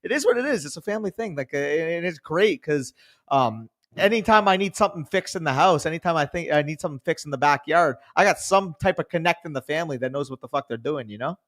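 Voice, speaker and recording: Male podcast co-host, a touch high, animated joker who laughs and swears often. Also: quick pace. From Canada. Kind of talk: casual podcast chat.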